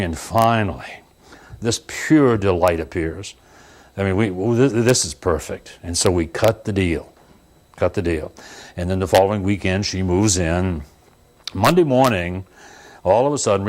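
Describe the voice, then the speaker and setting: A man giving a motivational seminar talk, telling stories with animated swings and frequent chuckles. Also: normal speed. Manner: animated, chuckling storyteller with sudden pitch leaps. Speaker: seminar speaker.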